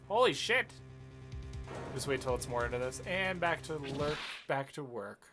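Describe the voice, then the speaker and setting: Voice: medium pitch, expressive, unhurried. A streamer chatting casually and reacting with joking asides while playing a game. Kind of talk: casual let's-play commentary. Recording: game music underneath.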